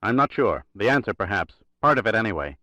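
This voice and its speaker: A man's voice: fairly low pitch, big pitch swings, fast talker, bright, forceful tone, dry recording. A man voicing a terse Russian spy. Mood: urgent. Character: Russian male spy, urgent and guarded. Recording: dry, slightly dull recording.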